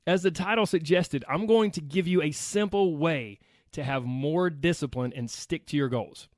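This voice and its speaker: A man's voice: a little high, normal speed, darkish tone, no echo, clean studio sound. A man with a Southern American accent hosting a solo podcast in an upbeat, chatty way, talking straight to his listeners. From United States. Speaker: podcast host.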